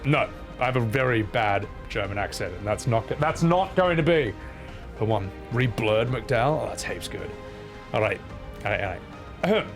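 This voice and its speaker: A man's voice: medium pitch, animated, normal speed. Guy rambling over a game stream, jokey and self-mocking, faint music behind. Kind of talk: casual gameplay commentary.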